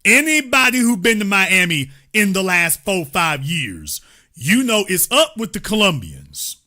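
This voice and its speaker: Male commentary host, high and very bright voice, emphatic and repetitive delivery. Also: big pitch swings, unhurried. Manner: emphatic, repeats key points, lectures the audience directly. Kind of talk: political commentary monologue.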